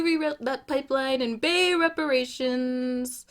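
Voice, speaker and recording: A woman's voice: fairly high pitch, moderate pace, fairly bright tone. A woman giving casual gameplay commentary, chatty and opinionated, with jokey asides. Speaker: gaming YouTuber.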